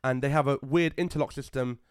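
A man's voice: mid-range voice, fast talker, clean tone, no echo, studio quality. A young man, telling a film story in casual podcast chat, acting out the quotes and swearing freely. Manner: animated storyteller, acts out quotes loudly, swears, laughs often. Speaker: podcast host.

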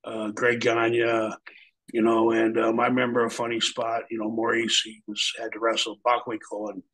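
A man's voice: medium pitch, completely flat delivery, normal speed, fairly bright tone, poor audio. A middle-aged man, a former pro wrestler, telling rambling, profane stories in an interview, acting out the voices of people he quotes. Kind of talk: casual anecdotal storytelling.

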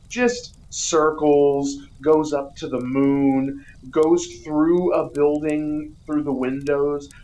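A man in easy, casual podcast chat, recapping a film scene by scene with jokes and goofy bits. His voice sits at a middle pitch. A faint hiss lies under the recording. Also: rough recording. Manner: joking, retells scenes with silly put-on voices. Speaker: podcast co-host. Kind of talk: casual movie review chat.

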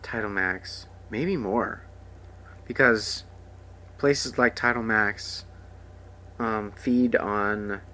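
With a lowish, fairly bright voice and a little hiss or hum on the recording, a young podcast host rambles through a profane rant. He's crude and sarcastic about everything he hates, even mimicking ad voices mockingly.

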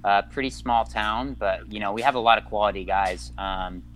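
A man from Washington state, a guest fighter on a podcast, talking modestly and haltingly over a remote call. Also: on the low side, fairly bright tone, slight background noise, poor audio. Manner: halting, lots of uh and you know, modest. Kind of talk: casual podcast interview. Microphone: remote call, audio cutting out.

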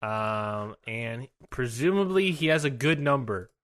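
A man's voice: medium pitch, expressive, unhurried, fairly bright tone. A man co-hosting a casual podcast, reacting with laughs and repeating himself. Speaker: podcast co-host. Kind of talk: casual chat.

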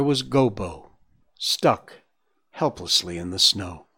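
A man narrating a storybook in a measured, dramatic reading. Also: lowish voice, expressive, fairly bright tone, slightly rough. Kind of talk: audiobook reading.

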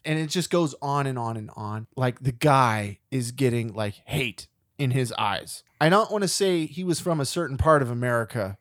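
A man's voice: mid-range voice, moderate pace, few pauses, no echo. Guy on a podcast telling a story, does the voices, dry mic. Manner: animated storyteller, acts out quotes. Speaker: podcast co-host. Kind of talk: casual chat, storytelling.

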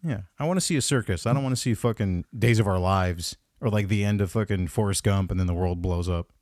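A man hosting a comedy podcast with a slightly low voice, recorded close and dry. He rambles and swears freely, getting excited as he riffs. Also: fast, no echo. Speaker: podcast host. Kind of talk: casual comedic podcast chat.

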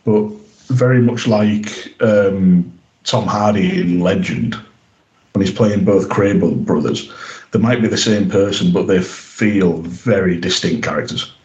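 A man's voice: low voice, measured pace, darkish tone, rough recording. A man hosting a podcast, chatting casually with frequent fillers, restarts and laughter. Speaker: podcast host.

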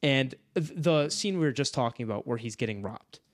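A man's voice: mid-range voice, lively intonation, fairly quick. An American man on a book podcast, gushing over favorite passages and reading them aloud, often breaking into laughter. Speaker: podcast co-host.

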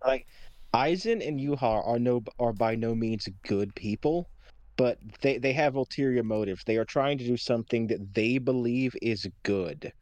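Male co-host at mid pitch, blunt and profane, jokes in loose podcast banter. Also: normal speed, darkish tone, no room sound. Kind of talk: casual podcast chat.

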